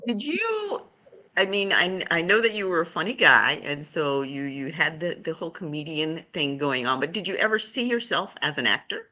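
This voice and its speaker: A talk show host asking a guest questions in a lively, encouraging way. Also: medium pitch, normal speed. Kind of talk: interview questions.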